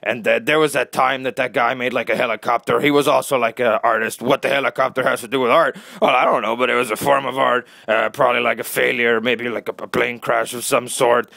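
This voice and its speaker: Young man, gravelly voice, bright tone, dry close sound, rambling comic rant, lots of fillers. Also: medium pitch, steady tone, no echo. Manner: rambling, full of fillers, mock-serious with quick character bits. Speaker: satirical ranter.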